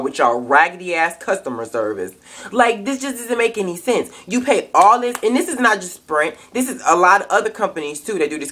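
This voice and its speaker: A woman's voice: medium pitch, fairly bright tone, husky. A young woman, ranting angrily and profanely in a casual webcam vlog. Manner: angry, profane, emphatic ranting. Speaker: vlogger.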